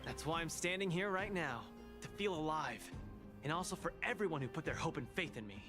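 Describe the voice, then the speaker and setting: An actor voicing a cocky young male fighter with a cyborg arm in a video game, taunting and laughing in slow, bold lines. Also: fairly high pitch, lively intonation, sharp tone. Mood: earnest. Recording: game audio over music.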